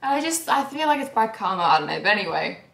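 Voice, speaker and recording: A young woman talks straight to her viewers in a confessional vlog, her voice carrying a gravelly fry. She sounds emotional and candid, shifting from quiet, deflated phrases to louder, pleading bursts. The room around her is noticeably echoey. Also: mid-range voice, big pitch swings, quick pace. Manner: emotional and candid, swings between soft sighs and raised outbursts. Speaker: YouTuber.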